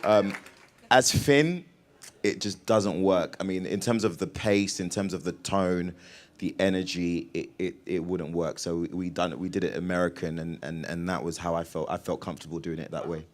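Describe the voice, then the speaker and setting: A young British man, an actor guest, telling stories in a lively, laughing way during an interview. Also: deep voice. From Britain. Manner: animated, laughing storyteller with quick restarts. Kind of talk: casual interview chat.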